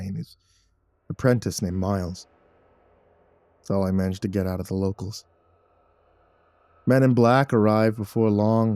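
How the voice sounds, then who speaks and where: A man narrating a horror story in a measured, somber storytelling manner. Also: on the low side, dark tone, no echo.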